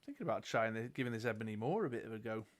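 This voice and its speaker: A man's voice: fairly low pitch, lively intonation, very fast. A British man co-hosting a live tabletop dice game, casually thinking aloud as he reads cards and counts dice. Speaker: game show co-host.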